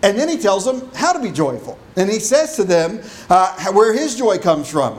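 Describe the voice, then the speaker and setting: A man preaching a sermon, reading scripture slowly and then building emphasis as he explains the text. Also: high-pitched, sing-song. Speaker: pastor.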